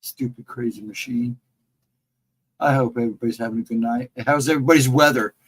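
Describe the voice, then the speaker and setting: A man chatting on a livestream and greeting viewers by name, in a rambling casual way, his voice hoarse and cracking from laryngitis. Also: mid-range voice, steady tone, fairly quick, poor audio. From central Ohio, United States. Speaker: livestream co-host.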